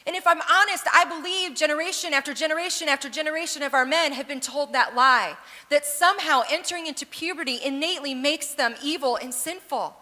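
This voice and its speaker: Bright, high-voiced woman preaching in a hall. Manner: animated, earnest preaching with humor. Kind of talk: sermon storytelling. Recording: long hall reverb.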